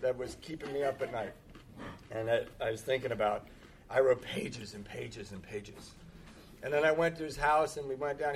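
A man's voice: medium pitch, slight background noise. A man speaking at a recovery meeting, telling his own story candidly with self-deprecating humor and frequent laughs. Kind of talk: personal storytelling talk.

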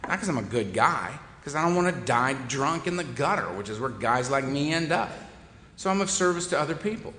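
A man's voice: mid-range voice, expressive, fairly quick, sharp tone, slight background noise. A man telling a humorous personal recovery story to an audience in a wry, self-mocking, conversational way. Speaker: speaker sharing his recovery story. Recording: echoey hall reverb.

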